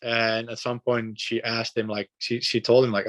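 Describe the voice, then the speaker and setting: Low, flat-toned man from the Netherlands. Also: brisk, hardly any pauses. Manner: earnest, relaxed, frequent fillers and repeats. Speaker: podcast guest. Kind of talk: casual storytelling.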